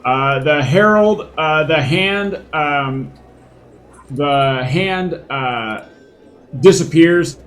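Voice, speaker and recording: A man's voice: a little high, very slow. A man narrating a tabletop game as game master, rambling with many fillers and casual swearing.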